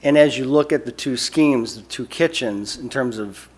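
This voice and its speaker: A man's voice: medium pitch, normal speed, breathy edge. A man, an architect, speaking in public comment at a city meeting, casual and conversational, often adding "right.". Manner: conversational, keeps saying "right". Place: council meeting room.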